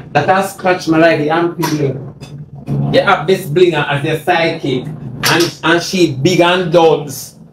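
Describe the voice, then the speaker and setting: A man with a Jamaican accent delivers a mocking, repetitive, confrontational rant on a livestream into a phone. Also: a little high. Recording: echoey room, faint noise.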